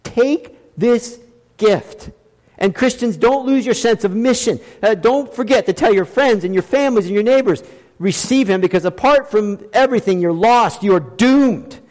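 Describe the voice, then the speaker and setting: A middle-aged pastor preaches a sermon at a moderate pace, hammering his points through repeated phrases and swings between hushed and raised lines. His voice is high for a man, and the church sanctuary gives it a long reverb tail.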